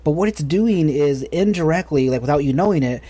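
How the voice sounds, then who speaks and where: A man's voice: fairly high pitch, expressive, fairly quick, warm tone. An American man in his thirties, co-hosting a podcast in a rambling, enthusiastic casual chat full of restarts. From United States. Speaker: podcast co-host.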